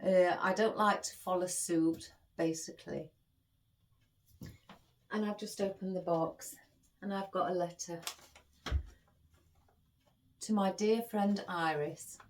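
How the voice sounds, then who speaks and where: Tearful woman, slowly talking vlogger. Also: fairly low pitch, fairly even intonation, a little hiss or hum. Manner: emotional, chatty, addresses viewers directly. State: tearful, holding back tears. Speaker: florist. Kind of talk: casual vlog chat. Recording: voice a bit far from the mic.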